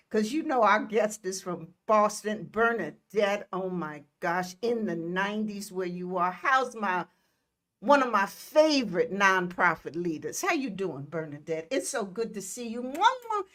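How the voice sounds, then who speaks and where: Slow, effusive older woman host. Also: medium pitch, fairly bright tone. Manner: effusive, greets viewers by name and blows kisses. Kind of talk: live-stream chat with viewers. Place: Detroit.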